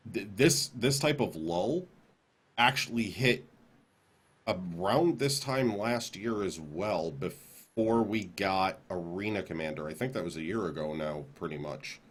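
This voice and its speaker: Husky, low-voiced man on a podcast. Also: expressive, a little slow. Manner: rambling, repeats words while building a point. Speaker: podcast co-host. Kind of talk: casual podcast discussion.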